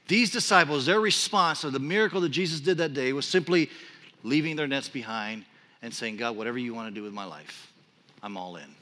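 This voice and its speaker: Male pastor, fifties, bright forceful voice, storytelling sermon in a big echoing hall. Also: medium pitch. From Texas. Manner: storytelling, animated and self-deprecating. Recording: long reverb of a large hall.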